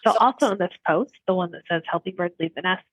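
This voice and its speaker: A middle-aged woman co-hosting a casual podcast chat, telling lively stories and laughing often. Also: on the low side, quick pace, no echo, poor audio. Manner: animated storyteller, laughs often. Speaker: podcast co-host.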